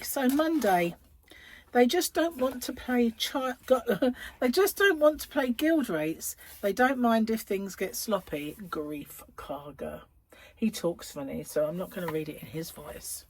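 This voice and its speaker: Speaking at a medium pitch with slight background noise, a middle-aged crochet channel host talks casually to the camera from inside her home. She rambles and laughs a lot.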